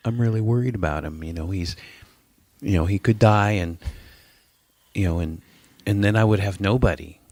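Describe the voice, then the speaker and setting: Man doing a chatty female acupuncturist, oversharing, deadpan, low voice. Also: normal speed, a little hiss or hum, natural voice. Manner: deadpan mock-sympathetic rambling. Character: oversharing female acupuncturist dumping grim news.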